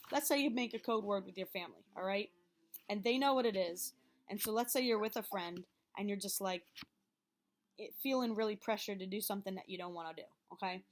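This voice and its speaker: A woman teacher reading over a health lesson and explaining it to her students in a chatty way, checking in often with "okay?". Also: mid-range voice. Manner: chatty, checks in with frequent okays.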